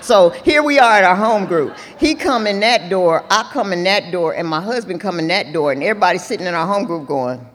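A woman's voice: fairly low pitch, lively intonation, fairly quick, hardly any pauses. Passionate, preachy middle-aged woman. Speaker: speaker at a recovery meeting. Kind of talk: personal testimony with comedic asides. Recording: echoey hall, faint ambient noise.

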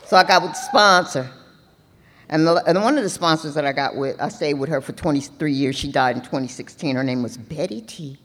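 A woman's voice: sits low, a little fast. Brief: passionate middle-aged woman giving her testimony, joking and preachy, in a reverberant meeting hall. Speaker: speaker at a recovery meeting. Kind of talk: personal testimony with comedic asides. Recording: echoey hall, faint ambient noise.

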